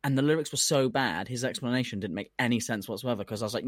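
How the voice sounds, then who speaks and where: Ranty guy cohosting a comedy podcast, swears constantly, mid pitch, dry close mic. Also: fast, no echo. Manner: ranty, swears a lot, worked up. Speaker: podcast co-host. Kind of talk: casual comedic podcast chat.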